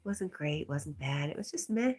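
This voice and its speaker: A woman hosting a casual livestream, reading viewer comments aloud in a soft, often whispered way and chatting back. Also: sits low, animated, normal speed. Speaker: livestream host reading chat.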